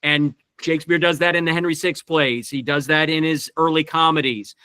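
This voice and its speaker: A man's voice: a little high, steady tone, normal speed, sharp tone, clear, resonant tone, no echo. A man directing actors in a verse workshop over a video call, thinking aloud with many restarts. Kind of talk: teaching talk on Shakespeare verse.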